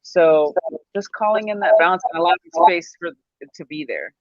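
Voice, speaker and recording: A woman hosts a relaxed spiritual chat over a video call. She wanders through her thoughts in halting, meandering phrases, breaking into laughter now and then. The sound is dry and a little dull, as from a modest video-call link. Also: lowish voice, no echo. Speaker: host. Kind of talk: casual spiritual chat on a live stream.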